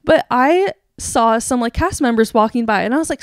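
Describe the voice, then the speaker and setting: A young woman co-hosting a podcast, telling a story in a casual, animated way, laughing and acting out quotes. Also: a little high, normal speed, dry recording, clean studio sound. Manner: animated, giggly, acts out quotes. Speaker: podcast co-host.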